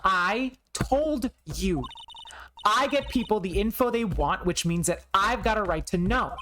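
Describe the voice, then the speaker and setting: A woman's voice: mid-range voice, animated, a little slow, slight background noise. A woman voicing a pushy young female reporter with a put-on Southern US accent, reading game dialogue aloud. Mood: defiant. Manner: loud, pushy, boastful.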